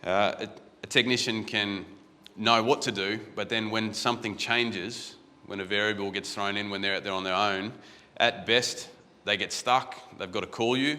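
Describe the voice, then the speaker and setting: An Australian conference guest speaker with a fairly low, pushed and bright voice gives a conversational, anecdotal talk from the stage. He often restarts phrases, repeating words as he goes. The large hall leaves an echo on the recording.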